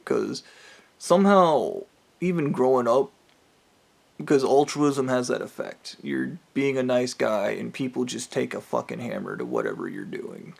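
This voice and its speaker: Bitter, ranting man with a gravelly voice. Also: medium pitch, huge pitch swings, measured pace, a little mellow. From United States. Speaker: vlogger. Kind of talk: rambling personal monologue. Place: trailer park home.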